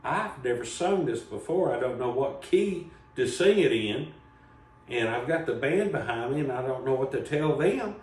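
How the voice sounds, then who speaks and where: A man's voice: medium pitch, lively intonation, moderate pace, darkish tone. A man, hosting a comedy show and telling a rambling, folksy story. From Southern Appalachia, US. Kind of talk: casual storytelling. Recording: echoey room, voice from a distance, faint background noise.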